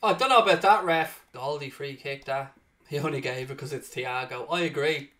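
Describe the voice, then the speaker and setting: A man giving let's-play commentary on a football game, swearing freely and swinging between low muttering and loud outbursts. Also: a little fast. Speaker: gaming channel host.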